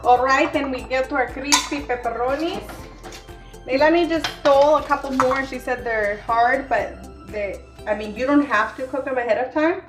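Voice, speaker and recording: A woman's voice: high voice, normal speed. A woman hosting a casual home cooking demonstration, chatty and teasing, with many fillers. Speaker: cooking channel host. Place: home kitchen. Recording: echoey kitchen, faint music.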